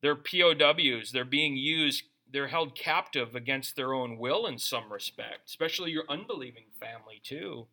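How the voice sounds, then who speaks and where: A pastor preaching an animated, conversational sermon with touches of humor. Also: male voice, mid-range voice, moderate pace, few pauses.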